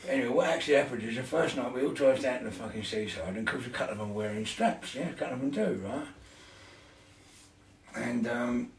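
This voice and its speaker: A man's voice: medium pitch, animated, a little fast, slight background noise. A middle-aged man telling stories in casual chat, swearing constantly and laughing through them. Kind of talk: casual storytelling. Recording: echoey room, mic at a distance.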